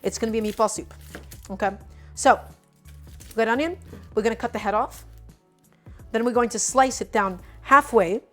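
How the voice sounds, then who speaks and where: A woman's voice: a little high, moderate pace, pauses often, fairly bright tone, soft background music. A woman with a New York accent, chatting and explaining as she cooks on a live stream and talking straight to her viewers. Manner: chatty and explanatory, often calls viewers "my friends". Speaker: cooking streamer. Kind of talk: casual live cooking demonstration.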